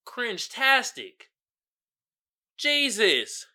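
Bright, animated man ranting casually. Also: very high-pitched, extremely slow. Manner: animated, exasperated, slangy with mocking put-on quotes. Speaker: podcast host reviewing a movie. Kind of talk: casual rant.

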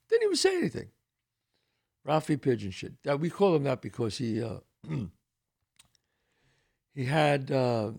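A man's voice: mid-range voice, vocal fry, breathy edge. An older man with a Bronx New York accent, telling stories as a podcast host and acting out the voices of people he quotes. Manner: animated storyteller who acts out quoted voices. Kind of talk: casual storytelling.

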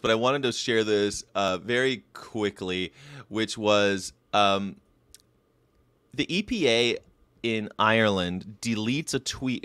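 A man hosting a casual livestream commentary, animated and swearing, with sudden loud outbursts. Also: mid-range voice, dry recording. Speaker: host.

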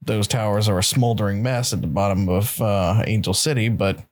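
A man's voice: on the low side, fairly even intonation, normal speed, darkish tone. A man playing a tabletop role-playing game, talking in character in a wry, blunt and skeptical way. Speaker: player.

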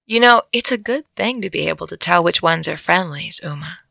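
A woman voicing a grinning, scheming young man in a spoken fantasy story, with a gravelly voice. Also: on the low side, lively intonation, a little fast, pushed and bright, no room sound, heavily acted. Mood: cheeky.

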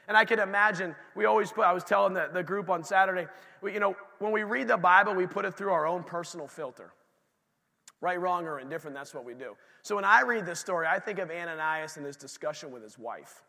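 A middle-aged man preaching in a church sanctuary, his voice high and gravelly. He sounds bright and forceful, and long hall reverb trails his words. He talks in an animated way, acting out dialogue and then dropping into quiet asides. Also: fast talker. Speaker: pastor. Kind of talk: sermon.

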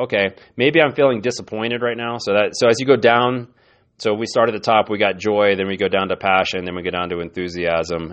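A man's voice: lowish voice, lo-fi sound. A man hosting a podcast, giving an earnest, encouraging motivational talk and often repeating his words. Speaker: podcast host.

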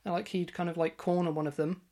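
A woman co-hosting a comedy podcast in a deadpan, mock-earnest tone. Her voice sits fairly low, and she hedges with frequent fillers while pushing an absurd theory with a straight face. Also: fast. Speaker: podcast co-host.

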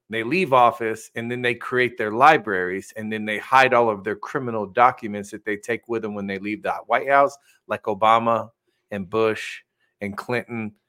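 A man's voice: on the low side, bright, forceful tone. A man co-hosting a casual political talk show, speaking emphatically and addressing viewers directly. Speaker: co-host.

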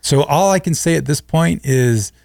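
A man co-hosting a business podcast, talking earnestly with halting restarts. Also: on the high side, vocal fry, a little mellow, no echo, clean studio sound. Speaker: podcast co-host. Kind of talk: casual podcast chat.

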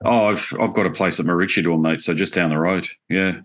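A man's voice: sits low, steady tone, brisk, a bit bright. A man with an Australian accent hosting a podcast, chatting casually and calling his guest "mate". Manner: chatty, matey, says "mate" often. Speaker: podcast host. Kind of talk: casual interview chat.

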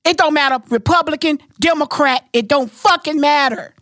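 A woman's voice: high voice, moderate pace, a bit bright, no room sound, studio quality. A woman hosting a casual podcast, talking bluntly, profanely and emphatically. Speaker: podcast host.

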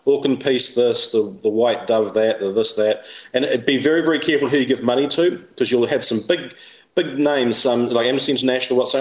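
A man, speaking as an interview guest in animated, opinionated talk. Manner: rapid and animated, mimics others in high voices. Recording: roomy, dull lo-fi sound.

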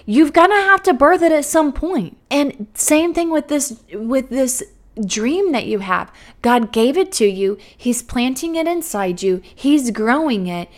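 A woman giving a faith-based encouragement talk, earnest and animated, acting out worried inner voices and repeating key phrases for emphasis. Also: a little slow. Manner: animated, acts out worried inner voices with big swings in pitch and loudness. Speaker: motivational speaker for people starting schools.

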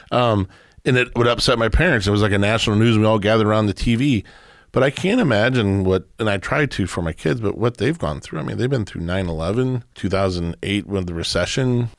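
A man's voice: lowish voice, dry recording, studio quality. A man in his fifties hosting a casual chat, reflecting in a conversational way. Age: 50s.

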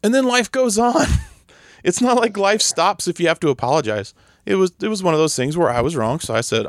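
A man's voice: high voice, expressive, fairly quick, no echo, studio quality. A man telling stories in a casual chat, laughing often and acting out the people he quotes. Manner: storytelling, laughs often, acts out quoted voices.

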